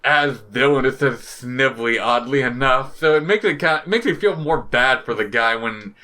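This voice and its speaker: A man's voice: mid-range voice, normal speed, pushed and bright. A man co-hosting a podcast in casual chat, rambling with lots of "like" fillers, swearing and laughing often. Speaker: podcast co-host.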